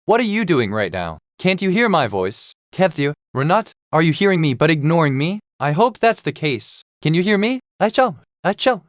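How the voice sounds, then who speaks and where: A man doing the voice of an ancient trapped deity, lofty and impatient, who speaks in a commanding way in a storybook recap. The voice sits a little high for a man and sounds dry and close, with no room around it. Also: big pitch swings, moderate pace, few pauses, no echo.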